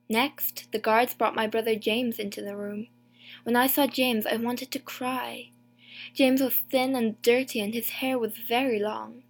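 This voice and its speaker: A woman reads a story chapter aloud in the first person, slow and deliberate. Her voice sits a little high and every word is clear. A plain, even audiobook narration.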